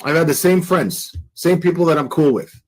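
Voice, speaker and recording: A man's voice: fairly high pitch, moderate pace, low-quality recording. A man hosting a casual livestream commentary, talking bluntly and crudely with lots of fillers and restarts. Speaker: commentary channel host.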